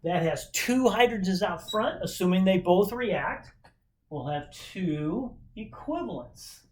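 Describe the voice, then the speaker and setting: A man's voice: high voice, animated, slow pace, darkish tone. A man teaching a chemistry lesson in a casual, upbeat way, often checking in with rhetorical questions. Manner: upbeat, chatty, asks frequent rhetorical questions. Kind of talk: informal recorded chemistry lesson.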